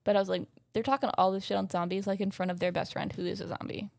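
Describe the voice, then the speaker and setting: A woman's voice: mid-range voice, little pitch movement, fast, gravelly, no room sound. A young woman hosting a podcast, recapping in a chatty, sassy way and swearing freely. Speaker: podcast host. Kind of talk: casual recap chat.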